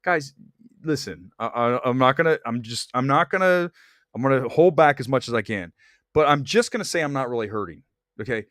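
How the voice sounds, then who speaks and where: A man's voice: mid-range voice, animated, a little fast, fairly bright tone, dry recording, studio quality. A man hosting a movie livestream, chatting in a sarcastic, opinionated way and reading viewer comments aloud. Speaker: movie review livestream host. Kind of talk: casual opinionated livestream chat.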